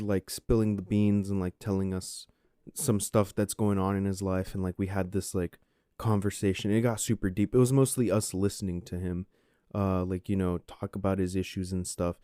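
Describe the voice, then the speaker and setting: A young man in his twenties tells a story on his podcast in a rambling way, filling his sentences with "like" and "you know." His voice is fairly low and mellow. It sounds dry, as if recorded close to the mic. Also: clean tone, no room sound. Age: 20s. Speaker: podcast host. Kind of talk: casual solo storytelling.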